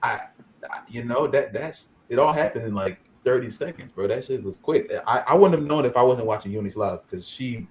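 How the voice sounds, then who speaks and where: A man co-hosting a wrestling podcast, telling a story in animated, slangy casual chat. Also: mid-range voice, a little fast. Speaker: podcast co-host.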